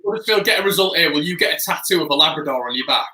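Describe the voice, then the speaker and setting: A man's voice: a little high, animated, racing, bright, forceful tone. A man co-hosting a football watchalong, anxiously urging the team on. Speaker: watchalong co-host. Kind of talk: excited football watchalong chat. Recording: echoey room with faint noise.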